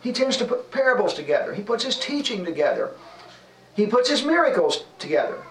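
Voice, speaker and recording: A man's voice: high-pitched, sing-song, a little fast, fairly bright tone, a little hiss or hum. A man teaching a Bible class, explaining his point with examples and rhetorical questions. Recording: roomy sound from far off with faint ambience.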